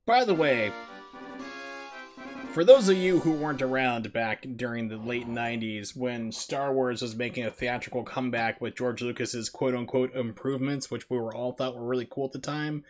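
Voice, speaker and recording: A male game streamer talks casually in a rambling, joking way. His voice sits at a medium pitch. Faint game music plays underneath. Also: moderate pace. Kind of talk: casual live-stream chat.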